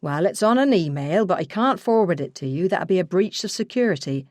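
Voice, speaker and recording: Calm, unhurried senior male detective, read by a woman narrator in a fairly low, dry voice. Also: no echo, natural voice.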